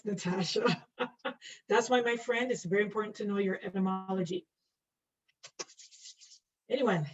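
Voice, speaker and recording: With a steady mid-range voice at normal speed, a woman often pauses while teaching her online nursing class and drawing. She picks out students by name to quiz them and jokes, self-mockingly, about her sketch. The recording is dull, distant lo-fi.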